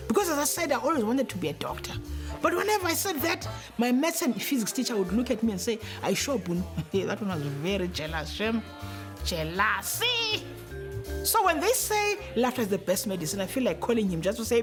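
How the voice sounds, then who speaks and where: A woman hosting a comedy show, her high voice swinging widely in pitch. She is playful and stretches out her introductions. Music plays clearly behind her. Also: big pitch swings. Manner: playful, drawn-out emphasis on introductions. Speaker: host.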